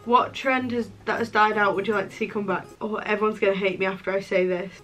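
A woman's voice: mid-range voice, fairly even intonation, fast talker, fairly bright tone, soft background music, rough recording. A young woman talking casually in a crafting vlog, chatty and joking with self-mocking asides. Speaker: crafting vlogger.

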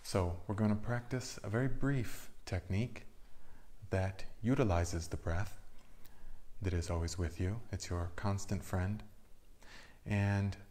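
Slow, low-voiced man guiding breathing. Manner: calm, slow counting instructions. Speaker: meditation leader. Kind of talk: guided breathing meditation.

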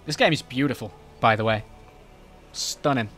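A man giving joking, excitable commentary while playing a game, often shouting at enemies. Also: medium pitch, moderate pace, faint music behind. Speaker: gaming YouTuber. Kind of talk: comedic let's-play commentary.

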